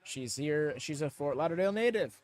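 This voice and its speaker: A young man hosting a live watchalong stream, chatting excitedly with many fillers and quick laughs on a close mic. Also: fairly high pitch. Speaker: watchalong host. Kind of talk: live reaction commentary.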